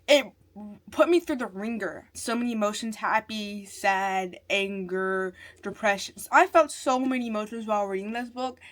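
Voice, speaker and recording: Young woman book vlogger, lightly raised pitch, rambling and emotional. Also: a bit bright. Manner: rambling, full of "like" fillers; emotional, swings from irritated to teary. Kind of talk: casual book review chat.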